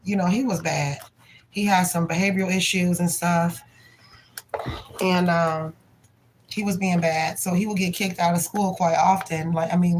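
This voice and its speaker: A woman's voice: on the low side, a little hiss or hum, poor audio. A woman hosting a livestream reading, telling a story about her son in a candid, profane, casual way. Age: adult parent. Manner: candid, profane, animated when retelling. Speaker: tarot reader and livestream host.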